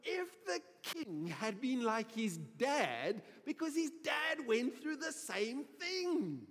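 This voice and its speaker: A man preaching a sermon, telling stories in an animated, humorous way. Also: extremely high pitch, slightly rough. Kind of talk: sermon storytelling. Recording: reverberant hall.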